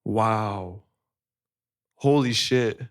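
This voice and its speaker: A man hosting a live stream, reacting to an album with excited, profane, joking chatter. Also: lowish voice. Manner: excitable, profane, joking, rapid rating talk. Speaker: livestream host reacting to an album.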